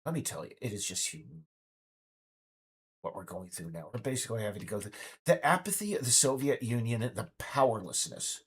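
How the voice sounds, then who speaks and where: Husky man in his fifties, rambling. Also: fairly low pitch, expressive, a little fast. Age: 50s. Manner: indignant, rambling, many restarts. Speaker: game developer vlogger. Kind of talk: casual rambling monologue.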